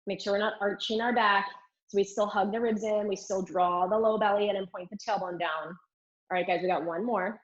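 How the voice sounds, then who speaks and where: Leading a live online Pilates class, a woman does the moves herself while cueing and counting reps in an upbeat way, a little strained from the effort. She speaks briskly in a mid-range voice with fairly even intonation, and the lo-fi stream audio sounds slightly dull.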